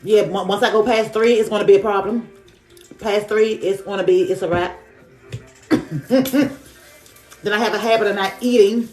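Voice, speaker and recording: A woman's voice: medium pitch, fairly even intonation, fairly quick, darkish tone, roomy sound, soft background music. A woman reading tarot on a live stream, affirming and repeating herself in casual, slangy talk. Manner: affirming, repetitive, chatty with slang. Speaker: spiritual reader on a live stream. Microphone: phone on a live stream.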